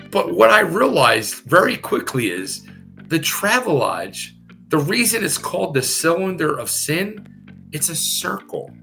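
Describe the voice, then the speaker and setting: Middle-aged man, gravelly bright voice, unhurried, lively pitch, swearing storyteller. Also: soft background music. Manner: animated, profane, laughing, repeats himself. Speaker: podcast guest, former pro wrestler. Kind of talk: casual storytelling.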